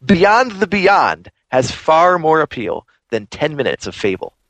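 A man's voice: fairly high pitch, very animated, a little slow, fairly bright tone, no echo. A man hosting a podcast, ranting animatedly in casual chat. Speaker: podcast host.

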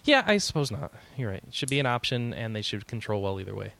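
A man hosting a casual podcast chat, easygoing and quick to laugh. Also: mid-range voice, very animated, vocal fry, background noise. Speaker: podcast host.

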